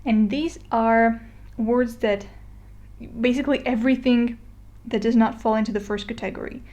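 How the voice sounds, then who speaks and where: A woman's voice: on the high side, steady tone, moderate pace, a little mellow, lo-fi sound. Patient woman teaching a lesson. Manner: patient, explains step by step with fillers and recaps. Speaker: Spanish teacher. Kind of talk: explainer video lesson.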